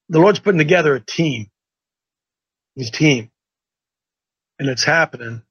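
A man's voice: fairly high pitch, a little slow, vocal fry, fairly bright tone, breathy edge, dry recording. A man hosting a casual live show, talking in a rambling, folksy way that often breaks off mid-sentence. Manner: rambling, folksy, self-interrupting. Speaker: host. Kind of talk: casual livestream chat. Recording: dull lo-fi sound.

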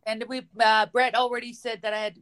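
A woman's voice: on the high side, level tone, fairly quick, a bit bright. Woman calling into a talk show, earnest, kinda rambling. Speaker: caller.

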